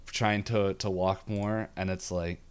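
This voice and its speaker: A man's voice: low voice, level tone, takes it slowly, clear, resonant tone. A man co-hosting a casual podcast, recapping a cartoon episode, laughing often and acting out characters' lines in silly voices. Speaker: podcast co-host. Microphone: video call or webcam setup.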